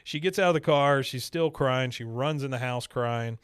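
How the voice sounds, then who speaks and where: A man hosting a podcast, recapping scenes in a relaxed, chatty way. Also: medium pitch, normal speed, smooth, no room sound, studio quality. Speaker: podcast host. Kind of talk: casual episode recap.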